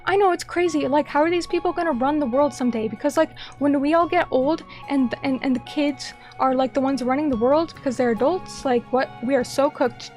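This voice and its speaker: A woman streamer chatting casually with her viewers, excitable and gushing, breaking into rants. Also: high-pitched, fairly quick, few pauses, soft background music. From United States. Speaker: vtuber streamer. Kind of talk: casual chat reading viewer comments.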